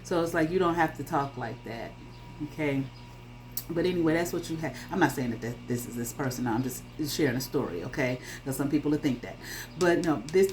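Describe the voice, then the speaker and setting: A woman with a fairly low voice gives a spoken tarot reading. She is emphatic and blunt, swears freely, and keeps stopping to ask "okay?". A faint hiss sits under her voice. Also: animated, fairly quick, low-quality recording. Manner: emphatic, checks in with frequent "okay?". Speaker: tarot reader.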